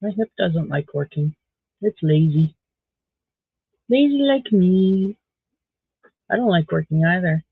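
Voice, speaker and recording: A woman's voice: low voice, moderate pace, gravelly, breathy edge, no echo. A middle-aged woman, chatting casually on a live stream while crocheting, rambling along with dry sarcastic asides. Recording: dry, tinny phone-like sound.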